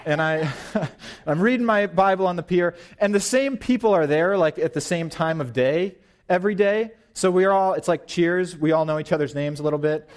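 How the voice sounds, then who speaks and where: A young man in his twenties giving an informal, animated sermon at church, pacing and gesturing as he talks. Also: sits high, normal speed. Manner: paces and gestures while preaching, animated and informal. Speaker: young preacher.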